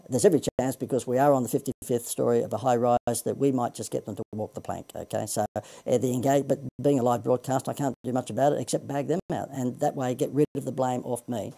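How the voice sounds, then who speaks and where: Gravelly, mellow Australian man pitching. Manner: chatty, self-deprecating, salesy. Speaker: marketing coach. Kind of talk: livestream sales pitch.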